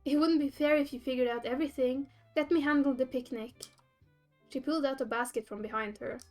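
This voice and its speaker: A woman's voice: high-pitched, a little fast, darkish tone, faint music behind, close to an everyday voice. A woman reading a cheerful, slightly formal young woman who bakes, in a dating game. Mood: playful. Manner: polite, slightly formal phrasing.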